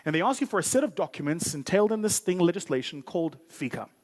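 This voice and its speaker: A man in his thirties speaks on a conference stage in a fairly high, lifted voice. He tells business stories with punchy emphasis and throws jokey asides at the room. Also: sing-song, fast. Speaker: keynote speaker. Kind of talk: motivational business keynote. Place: conference stage before a live audience.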